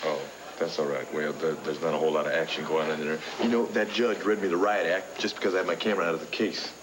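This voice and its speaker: An actor playing an easygoing young photographer who stammers a little, in a 1980s TV soap. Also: male voice, a bass voice, level tone, fast talker. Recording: noisy TV broadcast recording.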